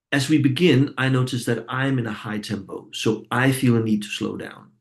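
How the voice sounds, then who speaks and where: Gravelly-voiced man teaching a training group. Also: medium pitch. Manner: reflective, repeats words as he thinks aloud. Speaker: facilitator and course trainer.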